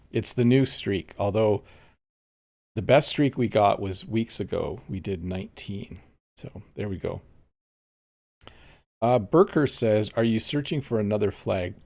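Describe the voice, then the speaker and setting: A man's voice: lowish voice, lively intonation, measured pace, a little mellow. A man teaching English on a casual live stream, chatting easily and reading viewer comments aloud while he plays a game. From Canada.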